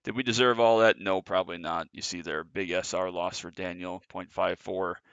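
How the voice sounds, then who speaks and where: A man's voice: low-pitched, fairly even intonation, moderate pace, a bit bright, clear, resonant tone, dry recording, lo-fi sound. A man giving casual, chatty commentary on his own sim race, a little out of breath. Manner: chatty, filler-heavy, self-correcting. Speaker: sim racing streamer.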